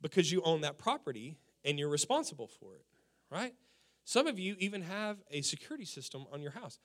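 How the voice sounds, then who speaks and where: High-voiced, animated male preacher. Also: fairly quick. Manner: animated storytelling, emphatic repetitions. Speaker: pastor. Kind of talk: sermon.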